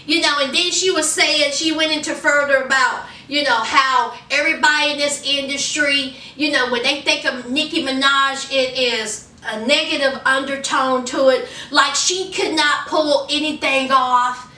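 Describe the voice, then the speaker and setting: A woman's voice: high voice, fairly even intonation, moderate pace, few pauses, sharp tone, recorded from a distance. A woman chatting through celebrity gossip as a vlogger, drawling and calling her viewers honey and y'all. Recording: roomy and off-mic.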